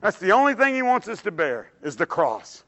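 Male preacher, high-pitched, bright tone; fervent sermon into soft, earnest prayer. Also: very animated, brisk. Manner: fervent, rises loud on quoted scripture, drops soft and low in prayer; casual asides like "dude" and "hey, man". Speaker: preacher leading a church service. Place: church sanctuary with a standing congregation.

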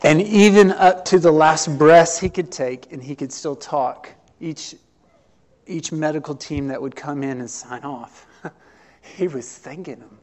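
A man preaches from the pulpit. His voice sits a little high for a man. He swells on key words and drops to near-quiet for tender moments. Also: unhurried. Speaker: pastor. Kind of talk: sermon.

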